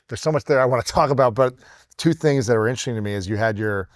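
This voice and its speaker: A man's voice: medium pitch, fast talker, dry recording, studio quality. A man hosting an interview, asking musing questions and giving short, attentive replies. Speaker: podcast host. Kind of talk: conversational interviewing.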